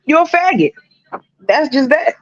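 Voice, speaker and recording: A woman's voice: sits high, expressive, unhurried, no room sound. Profane laughing woman gossiping, lo-fi. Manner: profane, laughing, loud storytelling. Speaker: co-host gossiping. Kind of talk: casual gossip chat. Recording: dull lo-fi audio.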